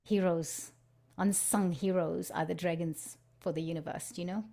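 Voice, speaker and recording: A woman hosting a spiritual live stream on a video call, speaking softly and drifting between guided meditation and casual chat. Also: lowish voice, fairly even intonation, moderate pace, vocal fry. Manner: soft-spoken, drifts into hushed chanting.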